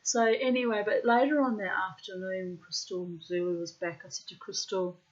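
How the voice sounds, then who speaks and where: A middle-aged woman telling a personal story in a blunt, salty way, swearing freely and loudly acting out what people said. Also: mid-range voice, normal speed. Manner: animated, acts out quotes loudly. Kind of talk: personal anecdote monologue. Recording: muffled lo-fi recording.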